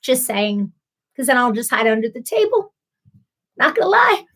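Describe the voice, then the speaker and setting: A woman with a slightly raised voice hosts a relaxed live stream. She talks to her viewers in an easy, chatty way, laughing often and answering people by name. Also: fairly high pitch, moderate pace. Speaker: livestream host. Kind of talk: casual live-stream chat.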